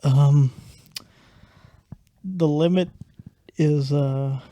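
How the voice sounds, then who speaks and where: A man's voice: on the high side, fairly even intonation, very slow, dark tone, no room sound, highs cut off. A man co-hosting a casual podcast who mostly chimes in briefly and agreeably. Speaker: podcast co-host.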